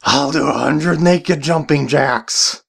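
A woman's voice: low voice, slow, vocal fry, noisy background, exaggerated voice. A woman voicing an exasperated nerdy gamer guy in a comedy skit, flustered and grudging.

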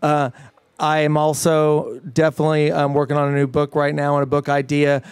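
A middle-aged man chatting as an interview guest, eager and animated, often restarting his sentences. His voice sits a little high. The sound is dry and close. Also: brisk, clean tone, dry recording. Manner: enthusiastic, animated, many fillers and restarts. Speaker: fitness trainer guest. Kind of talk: casual interview chat.

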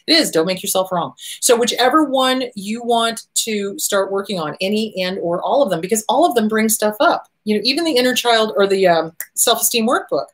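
A woman's voice: mid-range voice, brisk, few pauses. A middle-aged woman therapist hosting a show, talking casually and animatedly, often acting out the voices she quotes. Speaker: therapist host. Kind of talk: casual advice talk.

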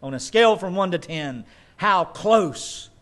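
A man preaching a sermon as pastor, emphatic and conversational, with quick asides. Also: high voice, animated, a bit bright.

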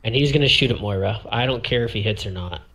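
A man with a fairly low, gravelly voice talks through a miniatures game turn step by step. He counts moves aloud, pauses on fillers and corrects himself mid-thought in a relaxed, casual way. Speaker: tabletop miniatures player walking through a turn. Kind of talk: thinking aloud while demonstrating game moves.

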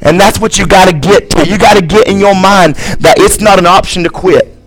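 A man's voice: sits high, fairly even intonation, a little fast, soft background music. A man preaching a sermon as pastor in a church, fervent and repetitive, leading into an altar call, recorded from a live stream. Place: church sanctuary.

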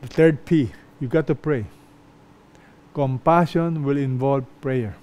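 A male pastor giving a sermon in an emphatic way, pausing often and repeating phrases for stress. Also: medium pitch, darkish tone. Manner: slow, emphatic preaching with pauses and repeated phrases.

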